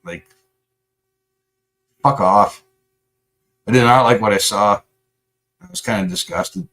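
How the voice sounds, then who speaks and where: A man's voice: on the low side, takes it slowly, sharp tone. Male livestream host, combative and profane, sarcastic edge. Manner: angry, profane, confrontational. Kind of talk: live stream chat rant.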